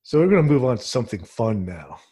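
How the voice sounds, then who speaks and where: A man from New Jersey hosting a casual podcast interview, rambling in a relaxed way. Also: mid-range voice, fast talker, husky. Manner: relaxed, rambling, many fillers. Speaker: podcast host.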